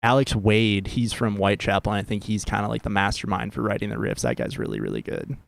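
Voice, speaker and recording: A man's voice: fairly low pitch, expressive, fast, gravelly. A young man from the Upper Midwest, a guitarist guest on a podcast, chatting enthusiastically and swearing. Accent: Upper Midwest American. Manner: enthusiastic, sweary, gushing about bands. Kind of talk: casual chat.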